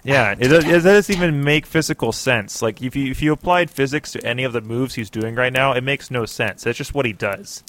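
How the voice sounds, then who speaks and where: A man running an improvised tabletop role-play as game master, excitable, joking and profane. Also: medium pitch, fairly quick, few pauses, a little hiss or hum.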